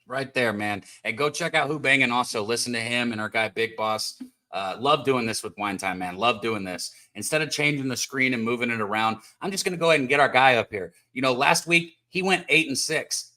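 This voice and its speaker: A man's voice: medium pitch, brisk. A man hosting a live-streamed sports betting show, talking casually and with hype as he brings guests on. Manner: hyped, hands out shout-outs.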